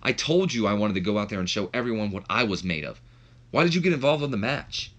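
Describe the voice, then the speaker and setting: A man's voice: fairly low pitch, very animated, quick pace, fairly bright tone. A man reading aloud the lines of an angry young female wrestler, voicing her with raised, accusing outbursts. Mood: indignant. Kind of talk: reading game dialogue aloud.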